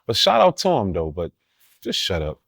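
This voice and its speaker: A man with a fairly low, creaky voice appears as an interview guest, speaking at normal speed in casual, profane street slang. He tells animated, blunt stories, laughing between them. The recording is close and dry, with no echo.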